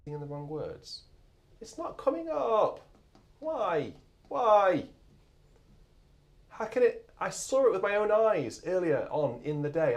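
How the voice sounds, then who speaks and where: Man from England, livestream host, chatty and rambling, lively swooping pitch. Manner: chatty, rambling, self-mocking. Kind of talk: casual live-stream chat. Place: church organ loft.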